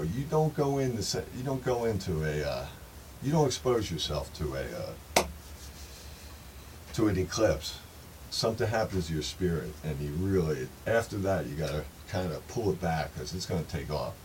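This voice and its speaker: A man's voice: on the low side, darkish tone. A man telling a rambling first-person story to his viewers, emphatic and profane, often calling them folks. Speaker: channel host. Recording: distant mic with faint background noise.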